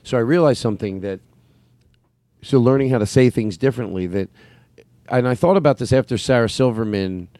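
Recorded dry with a clean studio sound, a comedian podcast host rambles through an after-show in a mid-range, dark voice. He speaks fairly quickly but leaves long pauses, with plenty of fillers, restarts, and self-interruptions.

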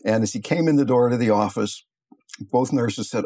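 An older man, a meditation teacher, giving a gentle, thoughtful talk and telling stories along the way. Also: medium pitch, moderate pace. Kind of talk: reflective talk with storytelling.

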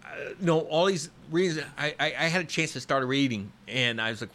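A man in his fifties telling long stories in a relaxed podcast conversation, full of fillers and restarts. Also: a little high, brisk, few pauses. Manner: rambling, storytelling with many fillers and restarts.

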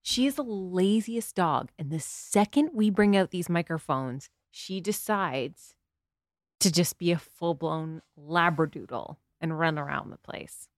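A podcast host chats casually and playfully with her husband, bubbly and laughing easily. Her voice is fairly low and animated, recorded with clean studio sound and no room echo.

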